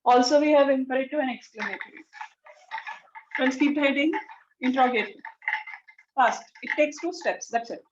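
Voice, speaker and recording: A high-pitched woman teaches grammar to a class, repeating key terms and acting out sample sentences. Her voice rings in an echoey room on a dull, muffled recording. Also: moderate pace, long pauses, slight background noise. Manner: explanatory, repeats key words, acts out example sentences. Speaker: English teacher.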